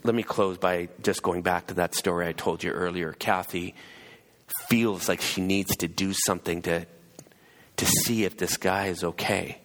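A man with a very low, gravelly voice gives a sermon, acting out the people in his story. His voice carries a long reverb, as if heard across a large church hall. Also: steady tone, moderate pace, a bit bright. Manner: storytelling, acts out quoted voices. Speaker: pastor.

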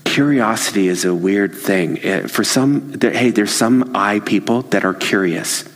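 A man's voice: fairly low pitch, big-room sound. A man giving a casual talk on workplace communication, acting out little scenes and laughing along the way. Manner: animated, acts out little scenes with raised voices and laughs. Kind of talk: casual talk with acted-out examples.

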